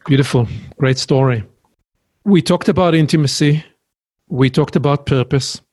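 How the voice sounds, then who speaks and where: Male interviewer, mid-pitched husky voice, short prompting questions. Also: normal speed, darkish tone, no room sound, studio quality. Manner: brief, appreciative prompts.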